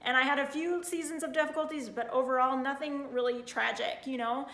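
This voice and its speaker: A woman in her thirties tells her personal faith story in an earnest, heartfelt way, leaning on "like" as she talks. Her voice sits a little high. The room around her is echoey. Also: fairly even intonation, brisk, fairly bright tone. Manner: earnest, heartfelt, frequent "like" fillers. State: getting emotional. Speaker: vlogger sharing her testimony. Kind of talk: casual personal testimony.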